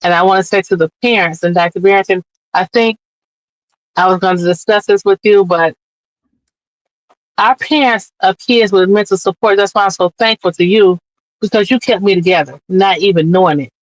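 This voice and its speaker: A woman's voice: mid-range voice, normal speed, dry recording, poor audio. Woman, passionate advocate guest, earnest, dry close voice, streamed interview. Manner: earnest, impassioned, tearful at times. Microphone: remote streaming mic.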